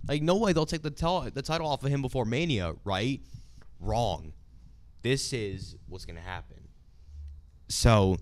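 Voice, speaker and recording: Young guy on a talk show, super into it, low smooth voice, dry close sound. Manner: enthusiastic, opinionated, animated storytelling. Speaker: co-host of a wrestling talk show. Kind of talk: casual chat.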